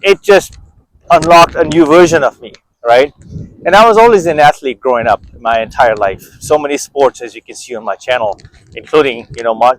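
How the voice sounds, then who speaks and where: A man's voice: a little high, poor audio. A middle-aged man talking casually to camera as a fitness vlogger while walking outdoors, rambling and self-motivating with many restarts.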